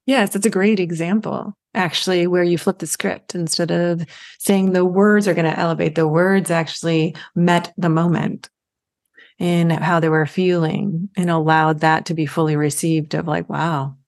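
A woman hosts a podcast interview in a slightly low voice. She talks in a friendly, conversational way, affirming her guest and building on what the guest says. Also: fairly even intonation, normal speed, darkish tone.

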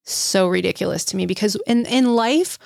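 A woman in her thirties co-hosting a casual podcast chat, candid and quick to laugh. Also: mid-range voice, vocal fry, a little mellow, no echo, studio quality. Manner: candid, laughs often, frequent restarts. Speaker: podcast co-host.

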